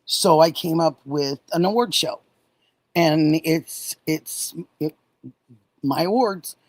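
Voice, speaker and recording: Slow-talking chatty woman host. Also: deep voice, no echo, poor audio. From Oregon. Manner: warm, gushing, reads and answers chat messages. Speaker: livestream host. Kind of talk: casual livestream chat with viewers.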